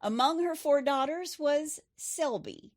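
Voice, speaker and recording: A woman's voice: high voice, animated, takes it slowly. A middle-aged woman hosting a true crime podcast, telling the case in a chatty way with personal asides. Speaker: podcast host. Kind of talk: true crime storytelling chat.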